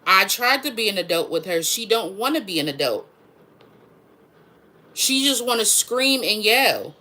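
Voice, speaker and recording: Frustrated woman with a bright voice. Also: on the high side, expressive, a little fast. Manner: frustrated, emphatic, repeats herself. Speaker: mother, vlogger. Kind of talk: venting to camera.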